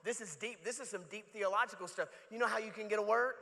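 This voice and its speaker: A man's voice: sits high, fast talker, creaky, bright, forceful tone. A man preaching a sermon as a guest pastor in a church, joking with the crowd in a conversational way. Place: church sanctuary. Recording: long reverb of a large church hall.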